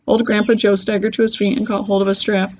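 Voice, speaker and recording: A woman reading a children's book aloud with lively, expressive storytelling. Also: mid-range voice, fast talker. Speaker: storybook reader. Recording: dull lo-fi recording.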